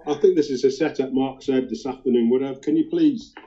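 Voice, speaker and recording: A man's voice: medium pitch, a little fast, dark tone. An Irish man chatting casually and hesitantly, with many fillers. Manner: hesitant, many ums and uhs. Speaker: guest. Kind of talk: casual chat. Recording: dull lo-fi recording.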